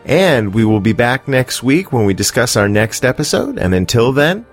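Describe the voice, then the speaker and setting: A man's voice: medium pitch, sing-song, moderate pace, faint music behind. A man hosting a casual podcast chat, dry and teasing. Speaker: podcast host.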